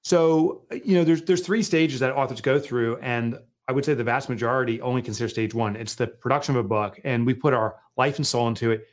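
A man, an author and guest, chatting casually, telling animated stories, acting out quotes and laughing often. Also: medium pitch, a little fast, few pauses. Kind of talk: casual conversation.

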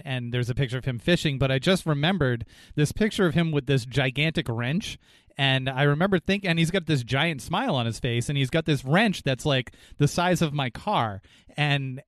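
A man's voice: on the high side, no room sound. A man interviewing a guest, asking long, meandering questions that he corrects as he goes. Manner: rambling, self-correcting questions. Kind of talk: interview conversation.

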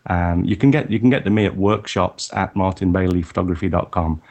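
A man's voice: low-pitched, fairly quick, a little mellow. A man guesting on a photography podcast, talking casually about his upcoming tours with many restarts and fillers. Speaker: photography workshop leader, guest.

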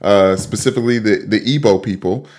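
A man's voice: lowish voice, a little fast, a little mellow. A young man co-hosting a sports podcast in casual chat, rambling with repeated words and frequent laughs. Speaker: podcast co-host.

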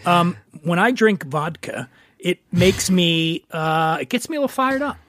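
A man with a high voice hosts a podcast in loose, joking chat and swears freely. The sound is close and dry, with no room around it. He keeps the talk rambling and playful. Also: lively intonation, a little slow, fairly bright tone, no room sound. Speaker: podcast host. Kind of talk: casual chat.

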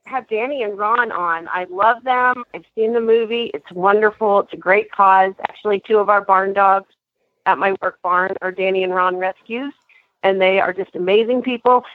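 A woman's voice: medium pitch, fairly even intonation, moderate pace, dry recording. A woman from New Jersey who teaches riding, calling in to a radio show in a friendly, chatty way, heard over a phone line. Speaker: caller, riding instructor. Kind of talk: call-in conversation.

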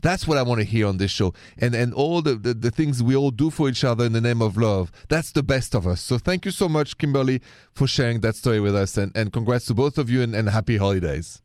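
A man's voice: mid-range voice, fairly quick, a little mellow, no room sound, studio quality. A man hosting a late-night radio advice show, earnest and caring, slipping words into his talk. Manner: earnest, sprinkles French words.

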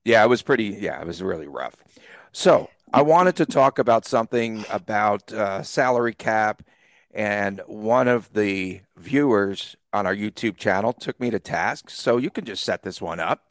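A man from the East Coast co-hosting a sports podcast, chatting casually and telling animated stories with frequent laughs. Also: on the low side, a little slow, dry recording, clean studio sound. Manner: laughs often, animated storyteller. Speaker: podcast co-host.

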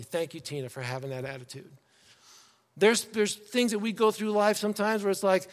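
A man preaching a sermon to his congregation in a church, in a conversational, animated way, slipping into quoted voices. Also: high voice, fairly quick, long reverb tail. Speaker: pastor. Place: church sanctuary.

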